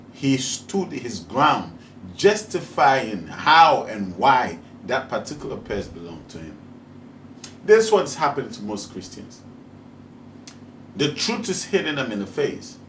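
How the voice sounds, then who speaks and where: A Ghanaian man teaching in a preaching monologue, speaking English with a Ghanaian accent. His voice sits at a middle pitch, and he repeats phrases and stresses them hard. The recording is roomy and echoey, with faint ambient noise. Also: a bit bright, distant mic. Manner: repetitive and emphatic, rising to fervent. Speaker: spiritual teacher.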